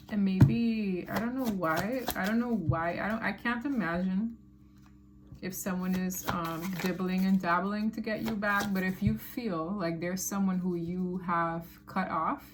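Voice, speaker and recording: A woman's voice: mid-range voice, noisy background. A woman giving a casual tarot reading to her viewers, chatty and emphatic, with slangy asides. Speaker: tarot reader.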